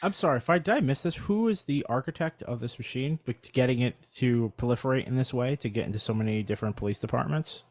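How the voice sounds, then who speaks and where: A man's voice: medium pitch, quick pace, few pauses, a little mellow, dry recording. A man co-hosting a casual podcast. He speaks in a mid-range voice and rambles wryly through his points, often restarting his sentences. The recording is dry and close. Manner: rambling and wry, full of fillers and restarts. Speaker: podcast co-host.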